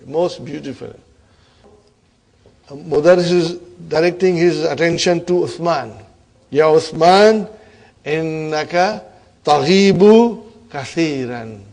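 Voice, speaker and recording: A man's voice: fairly high pitch, expressive, unhurried, darkish tone. A man teaching an Arabic grammar class, encouraging his students and asking them questions. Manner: encouraging, asks the class questions, repeats words for emphasis. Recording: classroom lecture recording.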